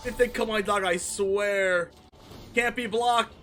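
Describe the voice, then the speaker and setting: A young man streaming a card game, excitable, yelping, laughing and shouting at his plays. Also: high voice, a little slow. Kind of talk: live gameplay commentary. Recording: faint music behind.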